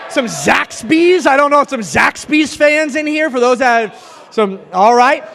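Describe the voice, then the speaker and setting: A man's voice: very high-pitched, expressive, measured pace, vocal fry, fairly bright tone. A man in his thirties giving a joking, conversational youth sermon, telling stories as he preaches. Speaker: youth event speaker. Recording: reverberant hall sound.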